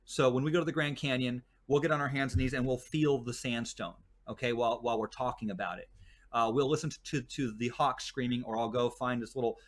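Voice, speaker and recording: A man with a mid-range voice and fairly even intonation talks briskly as a guest, a desert tour guide chatting casually. He tells rambling stories full of fillers and restarts.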